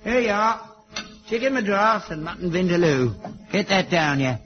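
A man's voice: sits high, lively intonation, normal speed, music in the background. A stubborn, mocking old father. His dry jabs rise and fall widely. The audio is dull like an old TV recording. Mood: sarcastic. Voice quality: dry, sarcastic. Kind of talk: sitcom acting.

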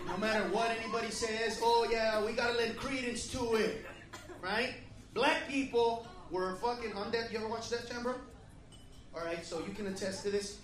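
A man from the United States doing a profane stand-up comedy set, shouting rants at the audience. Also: high voice. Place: comedy club stage. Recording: roomy club recording from off-mic with crowd and noise. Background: audience laughter.

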